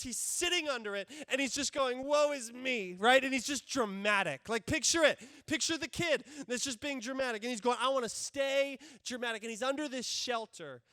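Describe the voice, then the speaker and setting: A male pastor delivering a lively sermon, his voice sitting high for a man. He slips into the voices of the characters as he tells the story. The sound is dry and close, with almost no room echo. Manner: animated, acts out biblical characters' voices. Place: church sanctuary.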